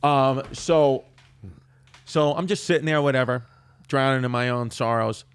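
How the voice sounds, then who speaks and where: A man from Queens, a comedian guest telling a story in an animated, self-mocking way. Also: medium pitch, measured pace, clear, resonant tone. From New York, Queens. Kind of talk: storytelling on a talk show.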